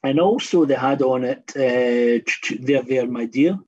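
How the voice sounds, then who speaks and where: Husky man telling stories. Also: mid-range voice, a little slow, darkish tone. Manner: rambling anecdotal storyteller with frequent restarts. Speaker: radio guest. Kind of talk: casual radio chat. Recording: dull, muffled radio studio sound.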